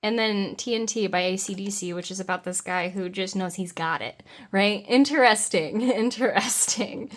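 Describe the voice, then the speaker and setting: A woman's voice: medium pitch, a little hiss or hum. Female tarot reader, young adult, enthusiastic and free-flowing, talking straight to the viewer. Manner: dreamy, meandering, enthusiastic, with soft laughs. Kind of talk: pick-a-card tarot reading.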